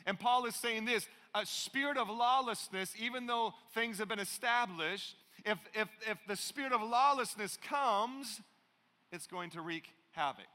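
A middle-aged male pastor preaches in a big church, his tone very bright and forceful. He sounds higher-pitched than most men and tells animated stories full of playful asides. The sound carries a long hall reverb. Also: a little slow. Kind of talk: sermon. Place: large church auditorium.

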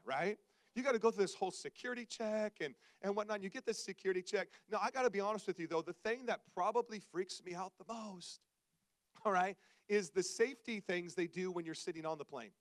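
A man preaching to his congregation, telling self-mocking stories in an animated, conversational way. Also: sits high, a little fast, no room sound. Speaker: pastor. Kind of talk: humorous storytelling sermon. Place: church service before a congregation.

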